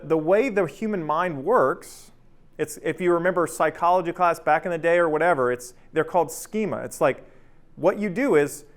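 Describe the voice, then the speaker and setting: A man in his thirties leading a workplace training session in a casual, conversational way, often checking in with "right?". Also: a little high. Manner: conversational, keeps asking "right?"; energetic, acts out anecdotes. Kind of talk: casual workshop talk.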